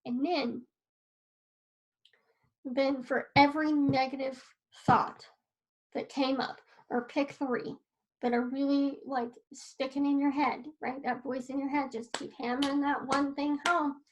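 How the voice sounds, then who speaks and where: A woman's voice: high voice, flat delivery, a little slow, low-quality recording. A woman wellness coach talking earnestly to camera from her desk at home, encouraging and a little emotional. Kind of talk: casual talk to camera. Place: home desk in a sunny room.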